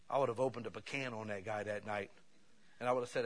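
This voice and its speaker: A man with a lowish voice preaches a sermon, telling personal stories fast and animatedly, swinging between loud bursts and hushed asides.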